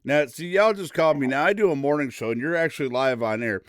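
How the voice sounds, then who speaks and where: Loud folksy man hosting a morning stream. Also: a little high, fast talker, no room sound, clean studio sound. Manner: loud, excitable, folksy drawl. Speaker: morning show host. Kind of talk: casual live stream talk.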